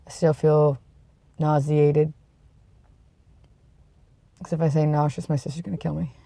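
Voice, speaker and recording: A sick vlogger talks casually to the camera, sniffly, congested and yawning through a rambling, self-deprecating chat. The voice is gravelly with a dark, mellow tone, recorded close and dry. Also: level tone, unhurried, no room sound. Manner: rambling, self-deprecating, trails off into low mumbles. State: tired and yawning.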